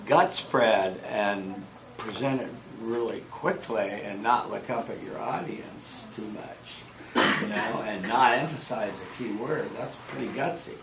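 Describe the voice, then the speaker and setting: A man's voice: lowish voice, a little slow, gravelly. Chatty male instructor in noisy classroom. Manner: chatty, digressive, animated asides. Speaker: debate instructor. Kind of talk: classroom feedback.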